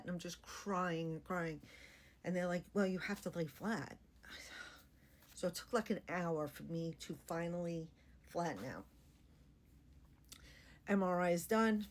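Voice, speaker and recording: A woman's voice: on the low side, a little mellow. Blunt, wry woman telling her own story. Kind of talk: casual personal storytelling.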